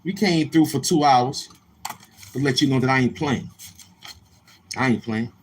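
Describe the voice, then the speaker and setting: A male livestream host talks loose and streetwise. His voice sits at a middle pitch and sounds a little tired. Faint outdoor noise runs under his voice. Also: measured pace. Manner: loose, streetwise, goes from laid-back to loud and animated. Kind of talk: casual livestream talk. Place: outdoors near a street, car noise heard.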